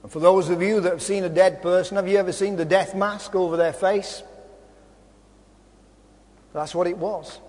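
Man, preacher, sermon, impassioned shouting, very high voice, hall reverb. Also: steady tone, moderate pace, long pauses.

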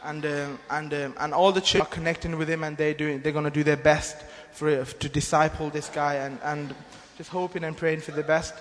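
A man's voice: fairly high pitch, level tone, moderate pace, few pauses. A man giving an earnest, rambling church testimony, often restarting his sentences. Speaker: mission team member giving testimony. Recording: long hall reverb.

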